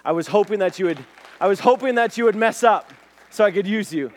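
A man with a high voice preaches to a group of listeners in a relaxed, talkative way. He keeps checking in with quick questions, repeats himself as he goes, and sounds like a friendly youth pastor. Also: some chatter behind. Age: adult, has a son. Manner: lively, chatty, repeats words and asks "right?", "okay?". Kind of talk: casual sermon to a group.

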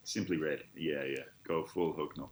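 A man's voice: extremely low pitch, fairly even intonation, moderate pace. A man in casual chat, making wry joking asides.

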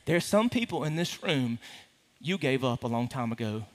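A man preaching a sermon to a congregation, animated and playful, with teasing asides to the room. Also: medium pitch, normal speed. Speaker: pastor. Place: large hall with a congregation. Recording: reverberant hall.

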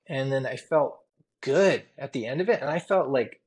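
A man's voice: mid-range voice, expressive, moderate pace, darkish tone, husky. A man, a tattoo artist guest, telling candid stories in a rambling, earnest way, full of "you know" and "like.". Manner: rambling, filler-heavy, earnest and emotional. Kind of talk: candid storytelling interview.

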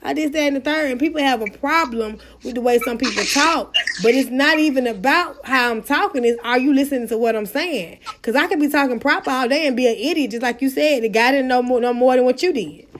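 A woman's voice: high voice, a little fast, hardly any pauses, slight background noise. A woman hosting a casual live-audio show on an app, talking bluntly and emphatically with plenty of slang. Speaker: host of an app radio show.

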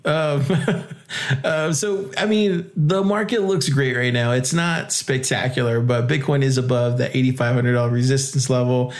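A man hosting a casual crypto podcast, hyped and joking, laughing often and jumping into high exclamations. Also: steady tone, normal speed. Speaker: podcast host.

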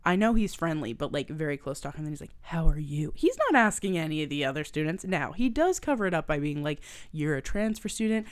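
She talks fast with hardly any pauses, her voice sitting low. A young adult woman on a podcast, she recaps a movie casually, cursing freely and acting out characters' lines in an animated way.

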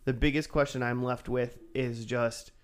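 A man's voice: medium pitch, fairly even intonation, moderate pace. Rambling young man in casual chat. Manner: rambling, with many fillers and restarts. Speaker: podcast co-host.

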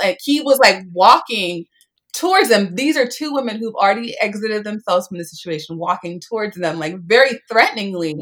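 A woman's voice: mid-range voice, expressive, fairly quick, a bit bright. Woman in her twenties, chatty storyteller who voices the people she quotes. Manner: chatty, lots of "like", acts out quotes. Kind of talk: casual storytelling.

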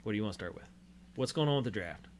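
Man, low voice, quick pace, blunt animated storyteller, casual sports chat. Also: a little hiss or hum. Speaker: co-host and youth coach.

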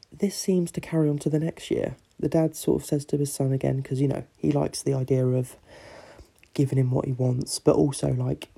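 Rambling man with a gravelly voice. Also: medium pitch, dark tone. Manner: rambling, filler-heavy storytelling. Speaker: podcast host. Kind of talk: casual joke telling.

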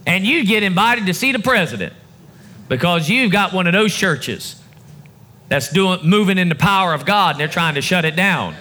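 A man's voice: high-pitched, expressive, moderate pace, bright, forceful tone. A male pastor preaching a sermon to his congregation in a church service, building his emphasis in a call-and-response way.

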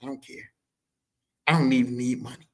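A man hosting a podcast, telling comedic stories about his family in a profane, rambling, animated way. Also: mid-range voice, normal speed. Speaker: podcast host. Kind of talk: comedic personal storytelling.

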